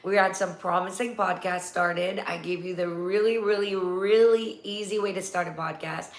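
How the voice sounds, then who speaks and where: A talkative woman hosts a casual live chat, her voice sitting a touch low. She rambles from point to point with quick laughs, and the room around her rings with echo. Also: fairly even intonation. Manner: chatty, rambling, laughs easily. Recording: echoey room.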